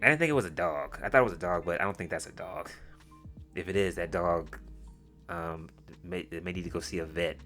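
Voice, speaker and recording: A man with a very deep voice delivers crude, mocking reaction commentary. He is blunt and sarcastic throughout. Quiet music sits behind him. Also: brisk. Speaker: commentary host. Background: faint background music.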